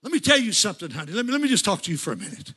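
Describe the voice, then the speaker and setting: A man's voice: high-pitched, very animated, very fast, sharp tone, husky. A man preaching a sermon, telling folksy stories and rising to fervent calls to the congregation.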